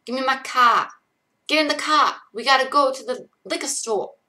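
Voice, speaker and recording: A woman putting on a brash Boston character with a mock Boston accent, loud and gruff. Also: high voice, moderate pace, pitched above the performer's own voice. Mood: bossy. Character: loud brash Boston man-on-the-street type.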